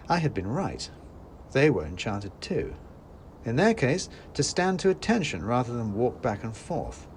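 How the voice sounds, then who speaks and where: A man's voice: mid-range voice, a little hiss or hum. A man narrating a scripted first-person story in a dry, wry manner. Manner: dry and wry, with lively acted quotes.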